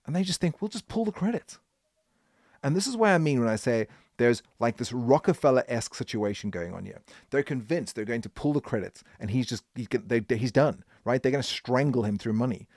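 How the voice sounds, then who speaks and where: A man hosting a podcast, telling a business history story in an animated, emphatic way. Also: medium pitch, fairly quick, few pauses, no room sound, clean studio sound. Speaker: podcast host.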